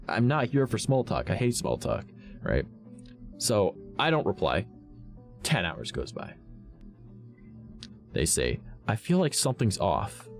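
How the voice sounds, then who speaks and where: Deep gravelly streamer ranting. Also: male voice. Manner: blunt, profane, ranting with big swings in pitch. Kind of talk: casual storytelling to chat.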